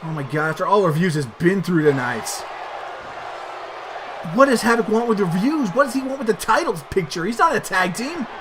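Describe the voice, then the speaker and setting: A man doing excited play-by-play commentary over a wrestling video game, bursting into shouted exclamations. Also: high-pitched, normal speed, noisy background.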